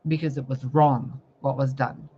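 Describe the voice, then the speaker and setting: A woman's voice: a bass voice, steady tone, normal speed, dark tone, breathy edge, dull audio. A woman tarot reader giving an impassioned spiritual monologue, fiery and confrontational, full of swearing and rhetorical questions.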